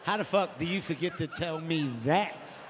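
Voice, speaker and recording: A man in his forties doing stand-up, telling a story in an animated, exasperated way with profane outbursts. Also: fairly high pitch, normal speed, long reverb tail, noisy background. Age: 40s. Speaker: stand-up comedian.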